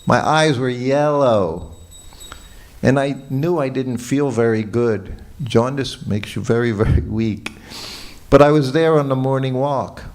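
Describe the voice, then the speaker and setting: This older man's mid-range voice has a measured pace and a slightly mellow quality. He's teaching a morning class in a temple hall, chuckling through personal stories as he looks back on them.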